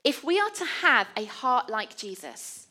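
A woman delivers a sermon in an easy, conversational way. Her voice is bright and clear, pitched a little high. She tells stories with animation and a self-deprecating touch. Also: very animated, unhurried. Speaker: preacher.

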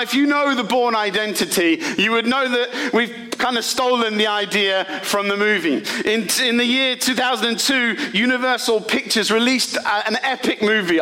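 A man preaching a sermon, telling a story in a relaxed, conversational way. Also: high voice.

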